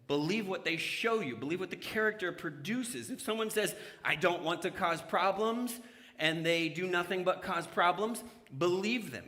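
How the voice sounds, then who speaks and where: A man's voice: fairly high pitch, bright, forceful tone. A man preaching a conversational sermon in a church, asking the congregation questions as he goes. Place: church sanctuary. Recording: church hall reverb.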